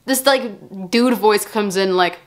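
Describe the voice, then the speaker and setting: A woman's voice: mid-range voice, slow, heavy background noise. A young woman filming a casual music reaction vlog in her bedroom, talking in a candid, rambling way and swearing freely. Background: music playing faintly.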